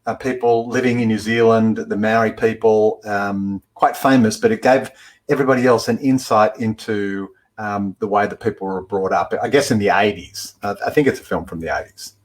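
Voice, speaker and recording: A man's voice: on the low side, fairly even intonation, moderate pace. A man hosting a casual live-stream interview, chatty and rambling with many fillers. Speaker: show host.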